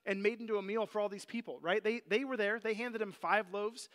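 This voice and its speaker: A man teaching a Bible passage in a relaxed, conversational sermon, full of "like" and "you know". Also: high voice, a little fast.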